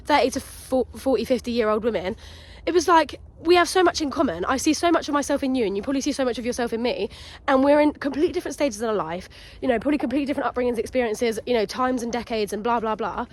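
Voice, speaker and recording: A woman in her early twenties, talking in a rambling, excitable way as she chats to her phone while walking outdoors. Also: a little high, fast. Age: 20s. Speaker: podcast host. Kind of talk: casual chat vlog. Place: outdoors in a nature reserve.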